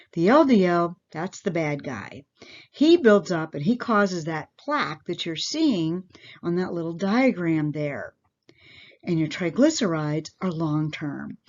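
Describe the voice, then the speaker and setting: A woman parish nurse giving a plain-spoken health lesson to her congregation, asking her listeners questions directly. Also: lowish voice. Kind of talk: health education talk to a congregation. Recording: dull lo-fi recording.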